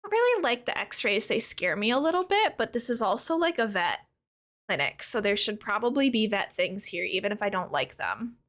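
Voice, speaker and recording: A woman game streamer chatting casually with viewers while she plays, chatty and quick to giggle. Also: mid-range voice, very animated, a bit bright. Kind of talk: casual live-stream chat while playing.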